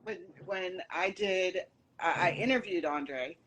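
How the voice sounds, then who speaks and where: A woman interviewer chatting casually and telling an animated story. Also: lowish voice, takes it slowly, poor audio.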